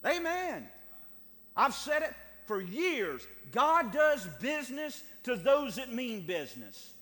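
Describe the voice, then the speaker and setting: A man preaching with a high, bright voice that swings widely in pitch. He talks with fervor, repeats words and restarts phrases, and pushes up into shouted cries. A long hall reverb trails after every phrase. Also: very animated, slow pace. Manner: impassioned, builds to shouted cries. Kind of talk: sermon.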